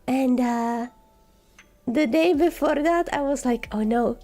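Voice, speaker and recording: Sick woman, soft slow cozy chat. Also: high-pitched. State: sick, sore scratchy throat. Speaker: vtuber streamer. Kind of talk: casual chat.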